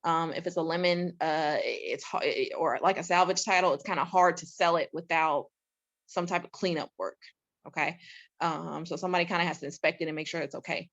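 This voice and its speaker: A woman's voice: low voice, steady tone, a little fast, fairly bright tone, dull audio. A woman giving a casual, chatty talk as a real estate investor, laughing often.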